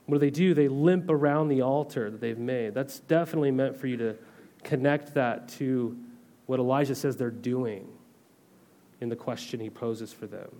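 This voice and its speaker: A man's voice: medium pitch, normal speed, dark tone. A man pastor giving a conversational sermon, reading scripture and then explaining it in everyday terms with frequent rhetorical questions. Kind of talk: sermon teaching.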